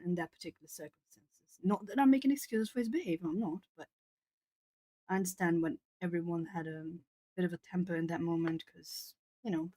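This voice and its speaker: A woman's voice: lowish voice, a little mellow, dry recording. A woman from southern Brazil, a native Portuguese speaker, chatting casually on an art livestream, rambling with plenty of fillers. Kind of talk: casual chat with live chat.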